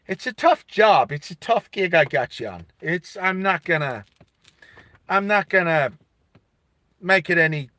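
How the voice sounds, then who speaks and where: A man's voice: fairly high pitch, bright, forceful tone, dry recording. An Australian man voicing a big, older male robot foreman who smokes cigars, a tough but kindly boss with blunt, streetwise talk.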